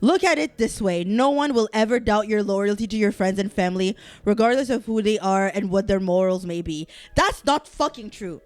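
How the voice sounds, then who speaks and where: A woman's voice: medium pitch, brisk, few pauses, a little mellow. A woman hosting a casual solo podcast, talking animatedly and swearing as she reacts to quiz results. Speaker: podcast host.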